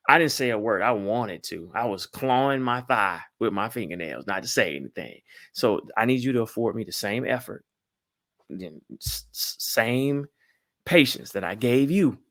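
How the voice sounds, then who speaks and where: A man giving lively marriage advice to a crowd, folksy and animated, often calling out to the audience. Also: medium pitch, normal speed, creaky, no room sound, studio quality. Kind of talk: lively talk to a live audience.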